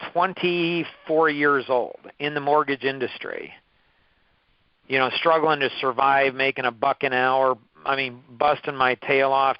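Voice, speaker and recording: This man in his fifties leads a course, offering a motivational talk built on personal stories, delivered emphatically with lots of repetition and restarted phrases. His voice is smooth and medium-pitched, captured with no echo and lo-fi sound.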